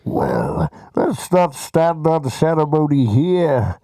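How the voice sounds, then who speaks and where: A Welsh man voicing a masked, menacing male villain with a muffled, theatrical, gravelly delivery. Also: on the high side, wildly swooping pitch, slow pace, warm tone, no echo, clean studio sound, heavily acted. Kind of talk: comic impression.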